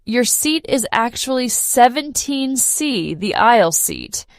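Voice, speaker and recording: A woman's voice: a little high, big pitch swings, takes it slowly, no echo, studio quality, pitched above the performer's own voice, full character voice. Woman reading a polite flight attendant. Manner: polite, explaining.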